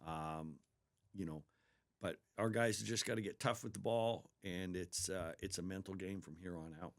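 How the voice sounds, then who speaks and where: Earnest low-voiced basketball coach. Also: male voice, fairly even intonation, normal speed. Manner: earnest, storytelling, talks about his players with enthusiasm. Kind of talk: casual sports interview.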